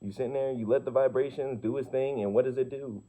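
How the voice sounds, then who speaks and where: A young man musing aloud in a casual, profane monologue, tossing out rhetorical questions and answering them himself. His voice is mellow and relaxed, neither high nor low. The recording sounds a little dull and lo-fi. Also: quick pace. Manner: slangy and profane, asks rhetorical questions, repeats "you feel me". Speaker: vlogger. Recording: slightly muffled lo-fi recording.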